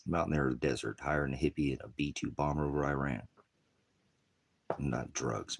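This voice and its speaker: Very deep-voiced husky man preaching. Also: fairly quick, long pauses. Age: older. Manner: combative, ranting, jumps between topics. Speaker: pastor. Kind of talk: rambling livestream preaching.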